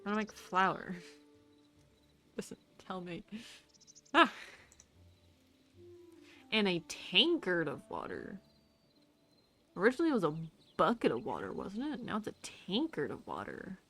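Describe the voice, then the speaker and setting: Bright-voiced woman chatting as she plays. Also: medium pitch, huge pitch swings, normal speed, faint music behind. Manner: chatty, talking to herself and to creatures in the game. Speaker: streamer. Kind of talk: casual gameplay commentary.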